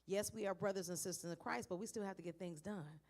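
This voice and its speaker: Low-voiced woman leading a church meeting. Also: fast, a little mellow. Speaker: church leader. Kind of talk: church announcement.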